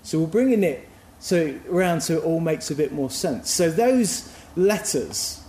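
A man's voice: fairly high pitch, big pitch swings, unhurried, dark tone, echoey room. A man giving a sermon in a reflective, musing, conversational way. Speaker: preacher.

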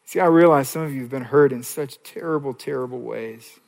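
A male pastor delivering a sermon, moving between hushed pleading and raised, emphatic preaching. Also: medium pitch, fairly quick, creaky, hardly any pauses. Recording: long hall reverb.

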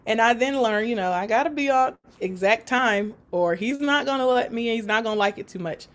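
A woman guest telling a story about her work in an interview, animated and laughing often. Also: a little high, a little fast. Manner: animated, laughs often, acts out quoted voices. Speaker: support worker for people with autism.

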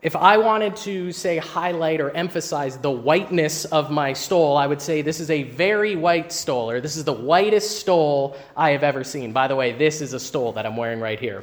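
A man preaching a sermon, teaching emphatically and asking his listeners rhetorical questions. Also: mid-range voice. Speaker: pastor.

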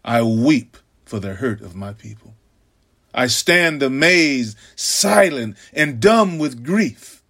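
A man preaching a sermon in a slow, drawn-out cadence, swinging from loud cries down to hushed whispers. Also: medium pitch, lively intonation.

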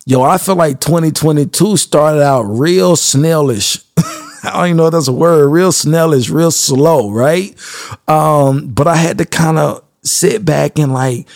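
A man's voice: a little high, a little slow, vocal fry, no room sound, clean studio sound. A man hosting his own podcast, talking straight to his listeners in a slangy, conversational, motivational monologue. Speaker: podcast host.

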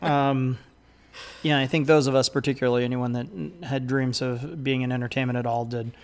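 A man's voice: medium pitch, steady tone, a little fast. Rambling theatrical man podcast co-host. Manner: rambling, theatrical, self-deprecating; many fillers, mild swearing. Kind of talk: casual podcast chat.

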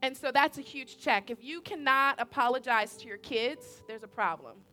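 Young woman preacher, high bright voice, chatty and animated, keeps asking the crowd questions. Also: normal speed, faint music behind. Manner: animated, conversational, repeats points, asks audience questions. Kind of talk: sermon.

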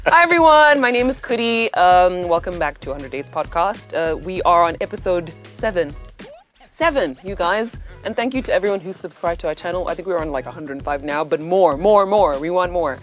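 A woman's voice: on the low side, lively intonation, brisk, soft background music. Playful woman hosting a podcast. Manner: playful, giggly, teasing. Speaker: podcast host. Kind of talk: casual chat.

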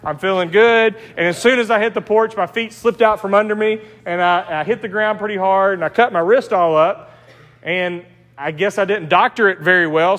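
A man's voice: sits high, a bit bright, in a large hall. A man with an East Texas accent preaching a sermon in a church, teaching in a conversational way with personal stories. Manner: conversational, anecdotal preaching with restarts. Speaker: pastor. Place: church sanctuary.

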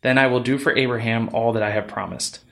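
A man reading the part of the Lord in a calm, measured voice. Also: medium pitch, gravelly. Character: the Lord, calm divine male voice.

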